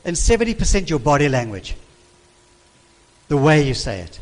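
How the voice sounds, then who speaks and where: A man's voice: fairly high pitch, very animated, normal speed. An older man, a minister, teaching in an emphatic preaching manner and repeating key phrases. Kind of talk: sermon-style teaching. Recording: reverberant hall.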